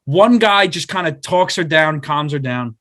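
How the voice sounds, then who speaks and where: A young man in his twenties spins a long, rambling story on a podcast, slipping into quick imitations of the people in it. His voice sits a touch high for a man, and his talk stays loose and casual. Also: lively intonation, fairly bright tone. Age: 20s. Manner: rambling anecdote with acted-out quotes. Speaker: podcast co-host.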